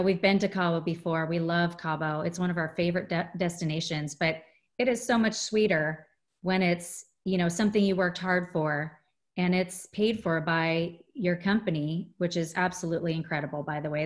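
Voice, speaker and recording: A woman's voice: lowish voice, fairly even intonation, normal speed. A woman, a guest in a casual interview, talking earnestly with many "you know" fillers.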